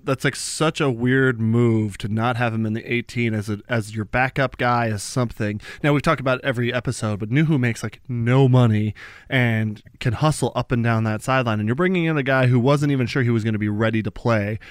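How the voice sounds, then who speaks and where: Brief: young male podcast co-host, animated and laughing, dry close sound. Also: mid-range voice, brisk, smooth, no echo. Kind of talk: casual sports chat.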